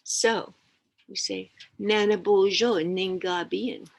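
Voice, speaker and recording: An older woman teaching through stories outdoors in a slow, gentle, plain-spoken way, dropping in Ojibwe words. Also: medium pitch, fairly even intonation, vocal fry. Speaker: elder teacher. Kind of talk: oral storytelling lesson.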